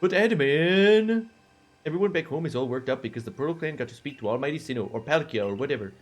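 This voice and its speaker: A man putting on a haughty, self-important game character with a fake accent, drawling out insults. He speaks quickly, sneers at everyone and treats others as little people. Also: a little high, lively intonation. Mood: whiny. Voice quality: affected put-on accent. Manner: drawling, smug, belittling. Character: arrogant, pompous male clan leader, smug and condescending.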